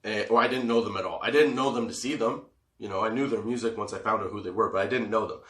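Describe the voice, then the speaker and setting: A man from Canada telling comic stories on his podcast, with a bright, forceful voice. He swears freely, laughs often and acts out the other people in his stories. The room gives his voice a noticeable echo. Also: lowish voice, quick pace. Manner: animated, swearing, laughing often, acting out quotes. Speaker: podcast host. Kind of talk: comedic storytelling.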